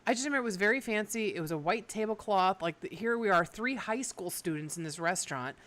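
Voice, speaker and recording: A middle-aged woman co-hosts a radio talk show, telling a story in a casual, rambling way. Her pitch swoops and dances as she talks, and she leans on fillers. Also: fast talker. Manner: animated storytelling, many fillers. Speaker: radio co-host. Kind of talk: casual chat.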